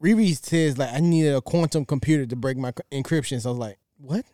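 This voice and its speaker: A man chatting casually on a podcast, jokey and quick to laugh. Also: medium pitch, warm tone, no echo, clean studio sound. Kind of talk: casual chat.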